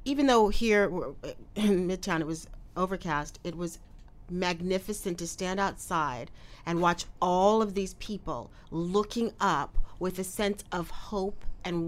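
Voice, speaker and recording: A woman co-hosting a casual talk show, reflective and teasing. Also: lowish voice. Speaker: co-host. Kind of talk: casual chat.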